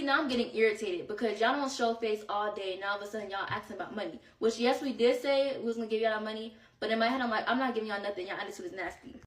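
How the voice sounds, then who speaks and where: A young woman telling a story in a casual storytime vlog, animated and exasperated as she recounts it. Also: fairly high pitch. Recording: echoey room, far from the mic.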